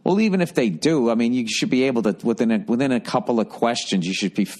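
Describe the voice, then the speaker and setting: A man's voice: medium pitch, fast, a little mellow. A middle-aged man hosting a podcast, giving advice in a profane, sarcastic, rambling monologue. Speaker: podcast host.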